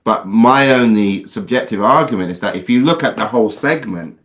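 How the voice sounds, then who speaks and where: A man's voice: on the low side, brisk. A man, an actor appearing as a podcast guest, talking through his views thoughtfully and building his argument, with his voice rising sharply on emphasis. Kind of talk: casual interview conversation.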